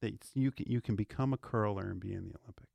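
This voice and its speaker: A man's voice: fairly low pitch, fast talker, gravelly, no echo. Man, sports radio co-host, playful and coaxing, stumbles on words, dry sound. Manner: playful, coaxing, repeats words when excited. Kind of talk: casual radio banter.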